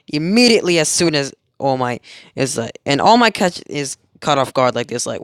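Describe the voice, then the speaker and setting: A man's voice: fairly high pitch, very animated, moderate pace, fairly bright tone, smooth, no echo. Young guy rambling through a fan story, giggly, keeps correcting himself, dry close sound. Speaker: amateur storyteller. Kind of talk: casual fan story retelling.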